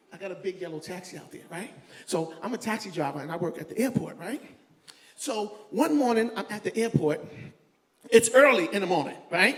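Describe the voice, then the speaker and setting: A man from New York doing stand-up comedy, telling stories loudly and animatedly. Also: high voice. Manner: loud, animated storytelling, laughing along. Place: comedy venue with a live audience. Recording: echoey room with faint ambience.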